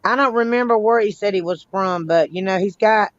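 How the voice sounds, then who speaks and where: A man's voice: sits high, a little fast, fairly bright tone, dry recording, lo-fi sound. A man co-hosting a casual livestream chat, reading viewer comments aloud in a plain way.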